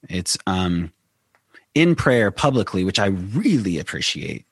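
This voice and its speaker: A low-pitched man talking as a guest in a casual conversation, hesitant and trailing off while he hunts for the right words. The recording is dry and close. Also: big pitch swings, measured pace, breathy edge, no room sound. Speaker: church member guest.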